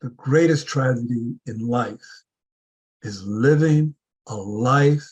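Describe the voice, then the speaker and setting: A man giving a deliberate motivational speech to a club audience, building his points with repeated rhetorical questions. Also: medium pitch, a little mellow, husky, muffled recording. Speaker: club speaker.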